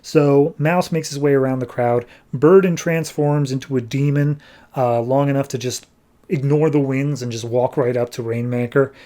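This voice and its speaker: A man talking through a comic book issue for his podcast. He speaks at an ordinary, middle pitch. His delivery is casual and full of fillers. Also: fairly even intonation, moderate pace, mellow. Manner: loose, conversational, lots of fillers.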